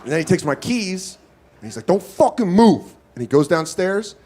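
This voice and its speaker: High, lively male stand-up comedian. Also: fairly quick, a faint crowd. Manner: animated, self-mocking, acting out scenes.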